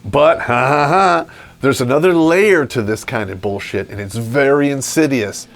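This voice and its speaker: Male vlog host, crude sarcastic rant with laughing asides, animated pitch, music bed. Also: normal speed. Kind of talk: ranting comedic monologue.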